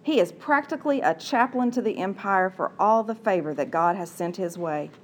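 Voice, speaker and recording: A woman voicing a cautious household servant who speaks in a measured, quiet, lowered voice. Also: expressive, a little hiss or hum, close to an everyday voice.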